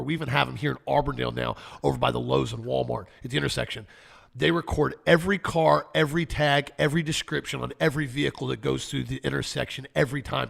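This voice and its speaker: A man's voice: mid-range voice, vocal fry, fairly bright tone. A man co-hosting a talk show, speaking in a conversational way and explaining his points with examples. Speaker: co-host. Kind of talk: casual talk-show commentary.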